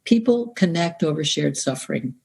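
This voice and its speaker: A woman guest, a grief counselor, speaking in a calm, measured, reflective way on a podcast. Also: low-pitched, vocal fry, husky. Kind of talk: conversational podcast interview.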